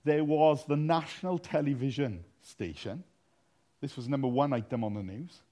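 A man preaches a sermon built around funny stories, poking fun at himself and laughing at his own jokes. His voice is medium-pitched and dark, at a normal speed.

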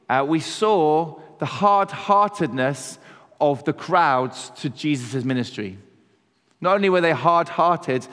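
A man, a pastor, preaching a sermon in a measured, conversational way, slowing down to stress key words. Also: on the high side, a bit bright. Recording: long hall reverb.

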